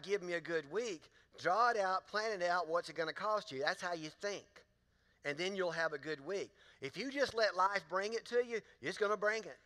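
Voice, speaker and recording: With a high, sharp voice, a male pastor preaches to his congregation, weaving in folksy stories and asking them questions. The setting is a large church auditorium, and the recording carries long hall reverb.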